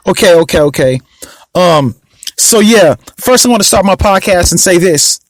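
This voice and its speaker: High-voiced man hosting a casual podcast. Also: normal speed, faint music behind. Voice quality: sarcastic, rambling delivery. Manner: sluggish, mock-excited intro. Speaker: podcast host.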